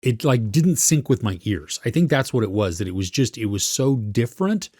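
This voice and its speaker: A man's voice: medium pitch, sing-song, moderate pace, darkish tone, no room sound, studio quality. A man co-hosting a podcast, chatting casually about a series he watched and searching for his words as he goes. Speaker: podcast co-host. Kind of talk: casual film review chat.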